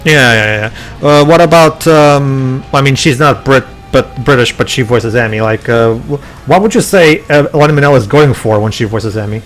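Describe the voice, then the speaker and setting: A man's voice: mid-range voice, moderate pace, few pauses, soft background music, rough recording. A man co-hosting a casual gaming chat, asking questions and steering the talk. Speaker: podcast co-host.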